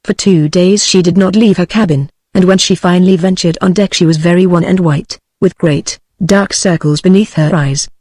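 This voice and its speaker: A text-to-speech woman's voice with a British accent, reading a novel aloud in a steady, even way. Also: lowish voice, moderate pace, hardly any pauses, dry recording. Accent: British English. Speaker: audiobook narrator.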